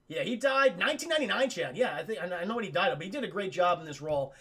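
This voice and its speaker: A man casually recapping a film on a live stream, profane and animated, acting out the characters' lines. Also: sits high, rapid-fire.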